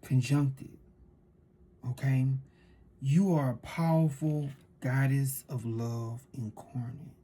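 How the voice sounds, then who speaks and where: A woman talks through a tarot reading in a loose, animated way and circles back to repeat her points. Her voice is breathy and husky, with a dark, relaxed tone. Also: extremely low pitch, slow. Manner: animated storytelling with repeated phrases. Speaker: tarot reader. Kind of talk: casual tarot reading monologue.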